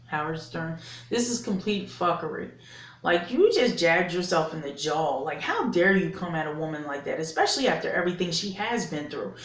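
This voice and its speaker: A woman vlogger giving an indignant, emphatic opinion rant to camera, swearing and repeating herself for effect. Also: fairly low pitch. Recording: echoey room.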